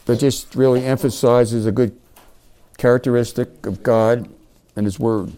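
Male Bible teacher, warm low-key timbre, conversational, leans on key words when reading verses. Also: fairly even intonation, measured pace, clear, resonant tone. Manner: conversational, checks in with "right?", reads verses with emphasis. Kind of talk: informal Bible study teaching.

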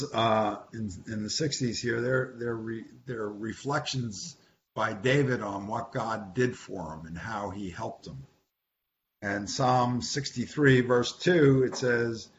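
Man, Bible study teacher, unhurried and chatty, repeats himself, slight hiss behind. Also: medium pitch. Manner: conversational, repeats words, asks the group questions. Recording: dull lo-fi recording with faint hiss.

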